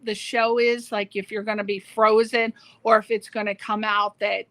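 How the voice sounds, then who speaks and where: A woman's voice: medium pitch, little pitch movement, normal speed, fairly bright tone, no room sound, low-quality recording. A woman hosting an online interview show, chatting casually with a guest and talking with many fillers. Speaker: radio show host. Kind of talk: casual video-call interview.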